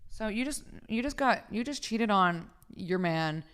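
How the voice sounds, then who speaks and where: A young woman hosts a casual podcast, reading listener stories aloud and reacting bluntly, laughing and swearing a great deal. Her mid-range voice is expressive, smooth and a bit bright, and she speaks a little slowly.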